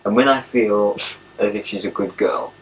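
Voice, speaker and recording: Caught on an old home video with a far-off mic and faint hiss, a young Englishman talks playfully to his pen pal from inside his home, cooing at his dogs. He speaks at normal speed in a fairly low voice.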